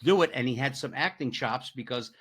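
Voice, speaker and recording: A man's voice: mid-range voice, brisk, fairly bright tone, breathy edge. A man from Florida hosting a podcast, chatting casually and rambling through asides. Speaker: podcast host. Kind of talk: casual interview chat.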